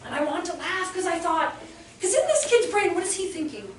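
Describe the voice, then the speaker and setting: A high-voiced woman educator tells classroom stories to a live audience, animated and slipping into children's voices. She sounds far from the mic in an echoey room, with a faint hiss under her voice. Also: fairly quick. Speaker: educator giving a talk. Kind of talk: storytelling presentation to an audience.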